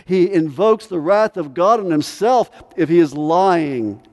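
A man preaching in a church sanctuary with a fairly high voice. His delivery is emphatic, swelling up and then sinking to a low, intense hush. The sound carries a long hall reverb. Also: expressive, unhurried. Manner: emphatic, drops to quiet intensity. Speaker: pastor. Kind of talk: expository sermon.

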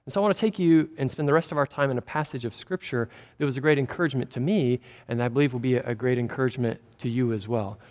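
A man's voice: medium pitch, fast talker, hardly any pauses, darkish tone, big-room sound. A man preaching a sermon in an earnest, conversational storytelling way.

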